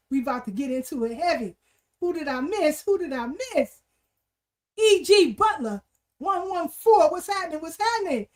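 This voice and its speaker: Female livestream host, high voice, casual and repetitive with street slang. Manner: repeats greetings in threes, street slang. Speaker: livestream talk show host. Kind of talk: casual livestream chat, shouting out viewers.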